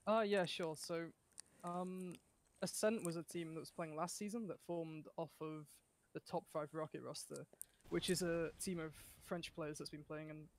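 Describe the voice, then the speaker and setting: A man who is a guest player, chatting casually on a live stream and explaining his team in a relaxed way with some fillers. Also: fairly high pitch, moderate pace.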